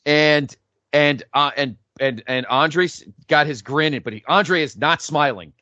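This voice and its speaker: A man co-hosting a podcast, telling an imagined match as animated, profane play-by-play in casual chat. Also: on the high side, slow, no echo, dull audio. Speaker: podcast co-host.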